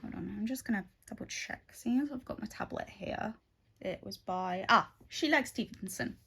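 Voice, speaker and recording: A woman's voice: mid-range voice, a bit bright. A woman chatting casually while she stitches at home. She rambles through asides, recorded on a phone. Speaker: craft vlogger.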